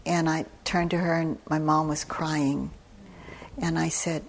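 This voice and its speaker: An older woman gives a dharma talk in an unhurried, reflective way. Her voice sits a little low, and she speaks very slowly, with soft pauses between her thoughts. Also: flat delivery, slight background noise. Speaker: meditation teacher. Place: retreat center hall.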